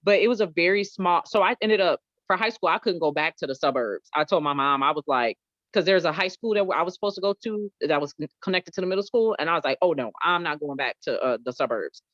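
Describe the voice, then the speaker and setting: A woman in her forties from Gary, Indiana, with a slight Southern twang, telling animated stories as a podcast guest. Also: lowish voice, fast talker, dry recording. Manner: animated, expressive storyteller. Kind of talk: casual conversational storytelling. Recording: dull lo-fi recording.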